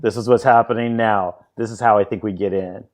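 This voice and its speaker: A man's voice: lowish voice, steady tone, fairly quick. A man hosting a podcast, chatting casually in rambling anecdotes with frequent restarts. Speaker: podcast host. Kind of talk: casual chat.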